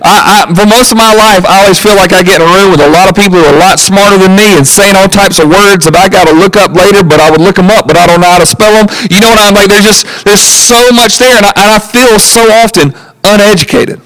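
A man preaching a sermon as pastor, animated, acting out quoted voices and chuckling at his own asides. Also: high-pitched, fast talker, low-quality recording.

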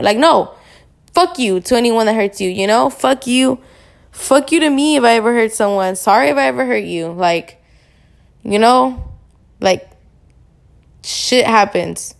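A woman's voice: on the high side, moderate pace, gravelly. A young woman hosting a casual podcast monologue, venting bluntly with lots of swearing. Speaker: podcast host.

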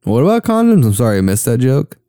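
A young man from the southern US trades jokes and quick reactions during a casual film watch-along. His voice is mellow and smooth. The sound is dry and close. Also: mid-range voice, sing-song, no room sound.

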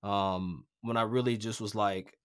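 A man from Kentucky, a golf broadcaster talking as a podcast guest, animated and casual, swearing freely and often repeating words. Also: fairly low pitch, a little slow, smooth. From Kentucky, USA.

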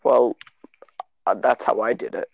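A man's voice: medium pitch, fairly even intonation, unhurried, vocal fry, dry recording, lo-fi sound. A teenage boy chatting with friends, hesitant and full of fillers. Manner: hesitant, full of uhs, sheepish. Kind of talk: casual chat among friends.

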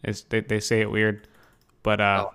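A man on a casual podcast throwing in wry, sarcastic remarks. His voice is bright and forward, smooth and clean in tone. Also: lowish voice, completely flat delivery, measured pace. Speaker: podcast co-host. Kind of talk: casual chat.

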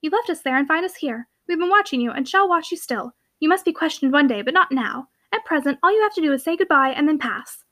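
A bold young heiress, playful and commanding, who teases her friends with quick confidence, as a woman reads her. The voice is high and bright, with a sharp ring to it. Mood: teasing. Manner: lively, teasing and commanding. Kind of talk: audiobook character reading.

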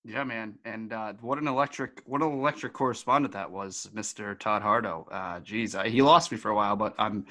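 A man co-hosting a wrestling podcast, wrapping up in a loose, relaxed way with lots of fillers. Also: on the low side, fairly quick, few pauses. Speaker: podcast co-host. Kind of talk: casual podcast sign-off.

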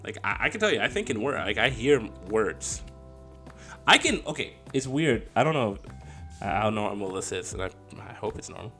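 A young man co-hosts a relaxed podcast chat, his pitch bouncing lively as he jokes with a friend. He talks with slang, quick restarts and easy laughter, and soft music plays underneath. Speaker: podcast co-host. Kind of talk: casual chat.

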